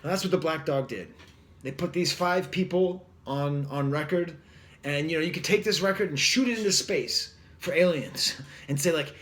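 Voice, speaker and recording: A man with a fairly high voice talks through an album review in a loose, rambling way. He fills his speech with fillers and restarts and keeps a wry edge. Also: normal speed, a bit bright. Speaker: record reviewer. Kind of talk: casual music review.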